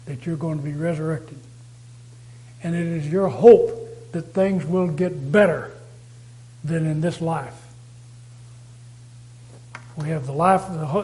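A man with a notably high voice preaching a sermon. He speaks emphatically and repeats key phrases for stress. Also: darkish tone, low-quality recording.

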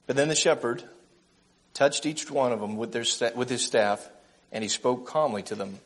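A man preaching a gentle, earnest sermon, slowing down for emphasis and reading a story aloud. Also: medium pitch.

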